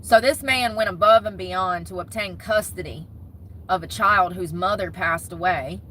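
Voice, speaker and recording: A chatty young woman talking straight to her camera, gossiping and rambling in a bright, forceful voice. She sounds like she is sitting in her car, with a faint hiss of noise under her. She talks in a loose, easygoing way and keeps turning to her viewers. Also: lowish voice, normal speed, low-quality recording. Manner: chatty, gossipy, talks with her hands in words like "y'all" and "homegirl". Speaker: vlogger. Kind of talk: casual chat to camera.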